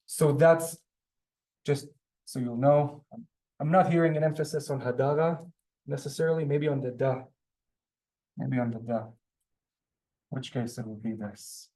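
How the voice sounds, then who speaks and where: A man's voice: medium pitch, a little slow, pauses often, warm tone. A man teaching a classroom language lesson, explaining step by step with many ums and asides. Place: synagogue classroom.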